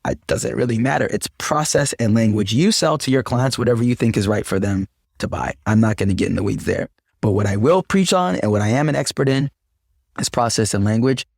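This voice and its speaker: A man's voice: fairly low pitch, fairly quick, vocal fry, darkish tone, dry recording, clean studio sound. A man guest on a podcast, preaching sales process with emphatic motivational sayings. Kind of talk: podcast conversation.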